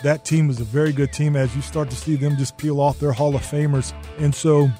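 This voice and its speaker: A man's voice: on the high side, little pitch movement, brisk, warm tone, faint music behind. Reflective former defensive lineman. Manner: thoughtful, many fillers and restarts. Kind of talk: interview recollection.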